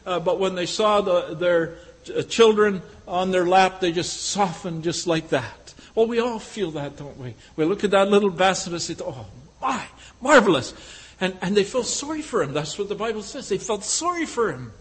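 Male preacher, high voice, storytelling sermon, rhetorical questions, halting fillers. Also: lively intonation, poor audio.

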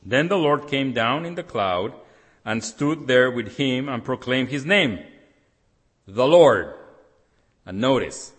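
Husky preacher in a reverberant hall. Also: male voice, mid-range voice, expressive, measured pace. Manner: emphatic, rises loud on scripture readings, drops soft for appeals. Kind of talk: sermon. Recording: long reverb of a large hall.

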